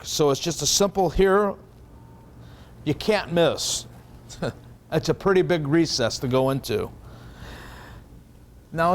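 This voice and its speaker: A man teaching a magic routine in a relaxed, conversational way, walking through each step with frequent restarts. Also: on the high side. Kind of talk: casual magic tutorial explanation.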